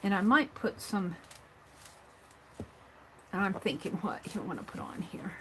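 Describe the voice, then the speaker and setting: A woman's voice: mid-range voice, big pitch swings, a little slow, a little hiss or hum, low-quality recording. A woman hosting a live craft stream, thinking aloud as she works, trailing off and murmuring under her breath. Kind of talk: live craft stream, talking while working.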